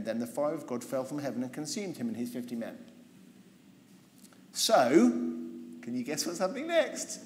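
A man teaching a Bible seminar, telling the story with lively irony and humour and acting out the characters. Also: medium pitch, moderate pace, pauses often. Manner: lively, humorous, ironic storytelling, acting out voices. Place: large convention hall. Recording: roomy hall reverb, faint noise.

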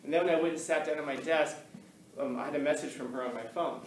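A male teacher telling a story to his class in an animated way, acting out the voices of the people in it. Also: fairly high pitch, fast talker, slight background noise. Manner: animated, acts out quoted voices. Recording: echoey classroom, mic from far off.

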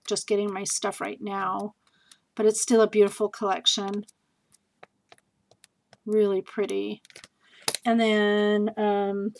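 A woman casually chatting in a home video as she shows off scrapbooking supplies she bought, bubbly and gushing, with lots of fillers and quick asides. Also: mid-range voice, rough recording. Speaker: scrapbooking vlogger showing a craft haul. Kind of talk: casual haul video chat.

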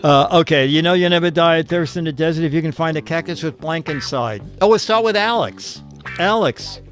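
A man's voice: fairly high pitch, expressive, brisk, a bit bright, soft background music. A man hosting a casual streamed show, reading viewer answers aloud, fumbling through his papers and chuckling at the jokes. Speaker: show host.

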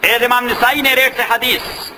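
A man's voice: very high-pitched, level tone, a little fast, sharp tone, slight background noise. A man teaching a class on Islamic law, repeating points, asking "got it?" and reciting Arabic. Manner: repetitive, drilling, checks understanding with "Got it?". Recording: long reverb in a large room.

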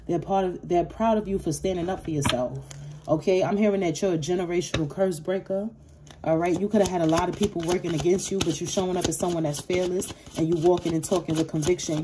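A woman's voice: fairly low pitch, background noise. A woman giving a casual tarot reading, blunt, profane and streetwise, speaking straight to her viewers. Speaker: tarot reader. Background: card shuffling.

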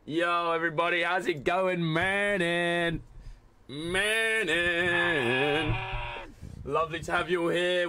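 A man's voice: on the high side, background noise. A young man live-streaming a game, chatting casually with viewers, greeting them by name and swearing freely. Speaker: gaming streamer.

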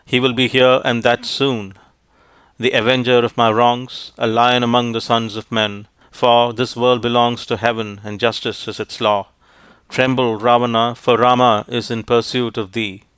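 A man's voice: mid-range voice, level tone, moderate pace, a bit bright, clear, resonant tone, dry recording, lightly acted. Sita, a man reading a faithful captive princess. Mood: defiant. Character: grieving captive young princess, faithful and defiant.

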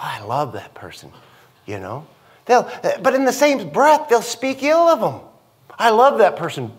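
Lively, high-pitched male pastor preaching. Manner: animated, conversational preaching with frequent asides to the congregation. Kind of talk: sermon. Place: church.

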